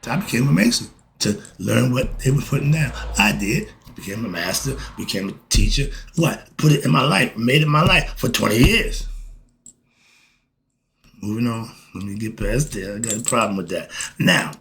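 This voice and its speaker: Middle-aged man, gravelly voice, lively swooping pitch, preachy casual spiritual talk, asks and answers his own questions. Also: normal speed, slight background noise. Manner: excitable and preachy, swings between fired-up and calm; rhetorical questions answered himself. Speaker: host.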